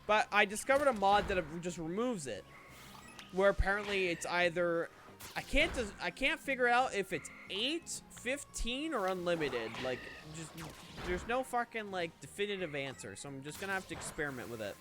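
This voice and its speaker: A man's voice: sits high, big pitch swings, moderate pace, music in the background. A man streaming a game and chatting casually, rambling with frequent swearing and restarts. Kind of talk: casual chat while gaming.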